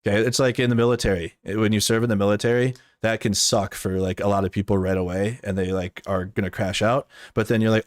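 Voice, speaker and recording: A man's voice: lowish voice, steady tone, fast talker, few pauses, dry recording, studio quality. A man in casual stream commentary, talking in a blunt, rambling and profane way, with lots of "like".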